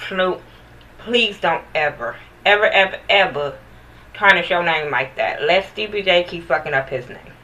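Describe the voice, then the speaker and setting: A woman's voice: on the low side, animated, moderate pace, bright, forceful tone, distant mic, rough recording. A woman giving a blunt, profane, sassy recap of a reality TV episode in casual chat, talking straight to the viewers.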